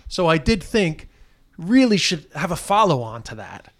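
A man's voice: fairly high pitch, sing-song, normal speed, fairly bright tone. Rambling man hosting a podcast. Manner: loose and rambling, lots of fillers. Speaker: podcast host. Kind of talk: casual podcast chat.

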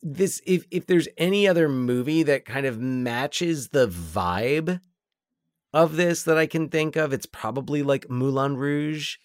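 A man's voice: a little high, unhurried, no echo, studio quality. A man co-hosting a podcast, talking about films in a rambling way with many fillers and restarts. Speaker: podcast co-host. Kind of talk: casual film discussion.

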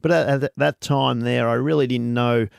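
Gravelly-voiced Australian man telling stories. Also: medium pitch, normal speed, dry recording, studio quality. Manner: lively storyteller, leans on "you know". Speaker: guest hairdresser. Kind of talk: casual interview chat.

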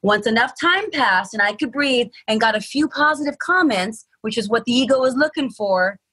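A woman podcast host talking openly about her own anxiety, reflective and quick to laugh. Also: fairly high pitch, lively intonation, sharp tone, breathy edge, poor audio. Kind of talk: casual interview chat.

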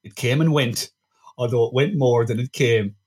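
A man's voice: medium pitch, normal speed, breathy edge. Chatty man hosting a film podcast. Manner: wry, chatty, full of restarts. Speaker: podcast host. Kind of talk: casual film-review chat.

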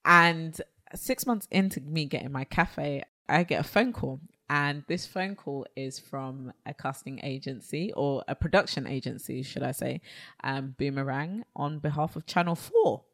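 Woman, low voice, animated storyteller, interview guest. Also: unhurried. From South London. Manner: animated storyteller, acts out quotes, exclaims. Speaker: baker and cafe owner, guest. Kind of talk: casual interview chat.

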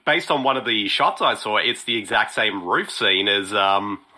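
A man's voice: lowish voice, moderate pace, bright, forceful tone. A man casually talking over a movie with friends, laughing often. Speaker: podcast co-host. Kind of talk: casual movie commentary chat.

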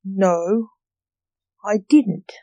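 A woman voicing a quick-tempered young male magician who answers sharply and defensively, in a storybook reading. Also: medium pitch, warm tone, no room sound, low-quality recording.

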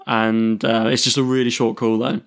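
A man's voice: medium pitch, level tone, normal speed. Man hosting a casual podcast. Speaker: podcast host.

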